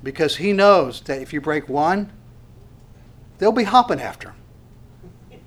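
Male pastor, sermon delivery, earnest and emphatic, slightly high voice, repeats and restarts phrases. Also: expressive, slow pace. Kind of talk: expository sermon.

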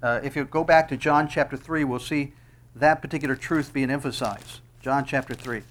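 A man's voice: medium pitch, steady tone, normal speed, a little hiss or hum. A middle-aged man preaching an expository sermon, reading scripture aloud and stressing key phrases emphatically. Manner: emphatic, rising on quoted verses.

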